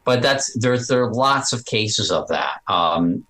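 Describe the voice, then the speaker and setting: A man being interviewed about his podcast, talking in a chatty, animated way with frequent restarts. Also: lowish voice, measured pace, low-quality recording. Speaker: podcast host as guest. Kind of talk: casual interview chat.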